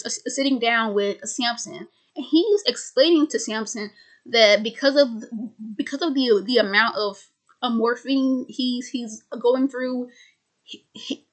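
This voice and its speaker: A woman's voice: fairly high pitch, fairly bright tone. A woman who stutters, repeating words and restarting sentences as she casually explains a film's plot. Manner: loose and chatty, heavy use of "like". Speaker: video host recapping a film.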